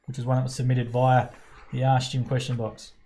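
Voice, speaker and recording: A man's voice: medium pitch, completely flat delivery, fairly quick, mellow. An Australian man hosting a casual live Q&A show, upbeat as he reads out viewer questions and comments. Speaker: show host.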